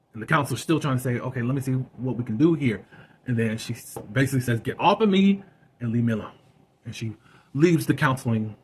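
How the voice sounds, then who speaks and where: A man with a medium-pitched voice hosts a web series review channel, talking casually about an episode with plenty of fillers. There's a little hiss or hum in the audio.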